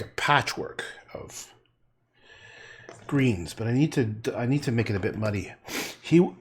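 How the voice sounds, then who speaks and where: A man chats casually while he paints, his husky voice bouncing up and down in pitch. He rambles, jokes and swears freely, talking straight to his viewers. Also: darkish tone. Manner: rambling, joking, swears, talks to chat. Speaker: livestream painter.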